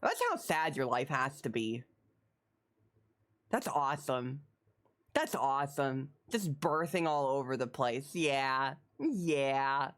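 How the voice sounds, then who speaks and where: A woman's voice: very deep voice, expressive, takes it slowly. A young adult woman streaming live, chatting casually, wry and self-mocking, often repeating her lines.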